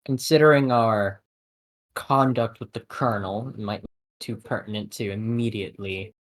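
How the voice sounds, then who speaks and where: A man running a tabletop game as game master, narrating and speaking for characters in a measured way. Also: lowish voice, steady tone, poor audio.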